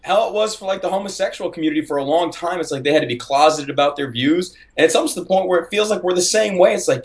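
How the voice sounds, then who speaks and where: A man's voice: sits high, fast talker, few pauses. A man hosting a call-in show, blunt and profane, laughing often. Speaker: radio show host. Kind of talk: casual call-in show talk.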